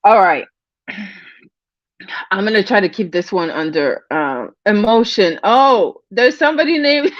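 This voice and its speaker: A woman with a medium-pitched, animated voice hosts a casual livestream at a measured pace, reading the chat aloud. She rambles, restarts her sentences, and often bursts into laughter. The sound is dull, lo-fi, and dry, with no echo.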